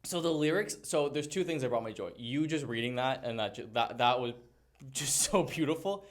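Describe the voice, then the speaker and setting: A man's voice: mid-range voice, expressive, normal speed. A man hosting a podcast in casual comedic chat, rambling loosely and laughing often. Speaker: podcast host.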